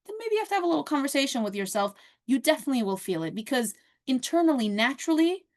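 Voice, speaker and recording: A woman giving a casual, animated Torah lesson, acting out the quotes in a conversational way. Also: a little high. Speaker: Torah teacher. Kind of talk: casual lecture.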